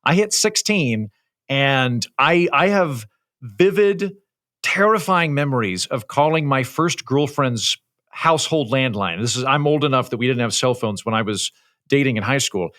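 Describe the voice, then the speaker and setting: Bright-voiced man with radio-ready diction. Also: mid-range voice, expressive, unhurried. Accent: light Oklahoma American. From Oklahoma, USA. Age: 30s. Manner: formal, authoritative radio-style diction, wry storytelling. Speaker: comedian and podcast guest. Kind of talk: casual chat.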